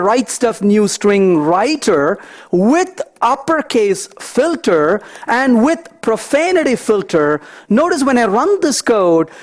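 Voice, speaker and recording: A man giving a technical conference talk, walking through live code and telling lively anecdotes as he thinks aloud. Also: high voice. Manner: animated, storytelling asides, thinks aloud. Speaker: conference speaker.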